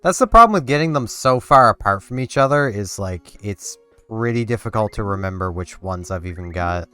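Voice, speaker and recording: Man, lowish voice, smooth and clear, casual rambling gameplay commentary, faint game music behind. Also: animated, brisk, bright, forceful tone, no room sound. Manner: rambling, talks to himself and the game. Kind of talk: casual let's-play commentary.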